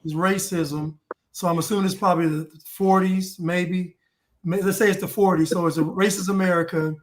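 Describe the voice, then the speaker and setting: High-voiced animated man telling a joke story. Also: moderate pace. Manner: animated joking storytelling, frequent laughs and repeated starts. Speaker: podcast host. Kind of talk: casual panel chat.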